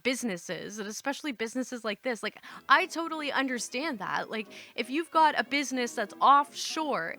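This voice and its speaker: A woman's voice: high-pitched, sharp tone. A woman hosting a storytime channel, reading online stories aloud and riffing between them casually and profanely, laughing often.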